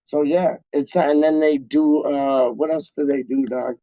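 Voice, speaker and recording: A man's voice: on the high side, fairly even intonation, unhurried, dark tone, no room sound. A man hosting a casual live stream, rambling in slangy talk full of filler words as he reads out chat messages. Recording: dull lo-fi dry recording.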